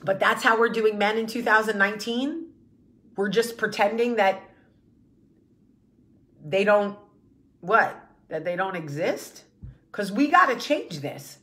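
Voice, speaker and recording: A woman's voice: medium pitch, lively intonation, measured pace, pauses often, a bit bright. A woman hosting her vlog, giving an impassioned, blunt monologue with swearing and repeated rallying phrases. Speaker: vlog host.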